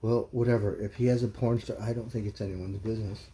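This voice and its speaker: A man's voice: on the low side, fairly even intonation, fast talker, mellow. A man hosting a livestream, ranting bluntly and heatedly in casual, profane commentary. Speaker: livestream host. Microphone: streaming mic.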